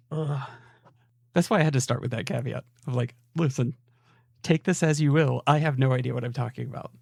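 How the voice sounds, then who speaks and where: A man's voice: mid-range voice, normal speed, vocal fry, long pauses, darkish tone, slightly rough, no room sound, clean studio sound. An American man co-hosting a podcast, talking in a rambling, hedging, self-deprecating way. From United States. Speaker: podcast co-host. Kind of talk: casual chat.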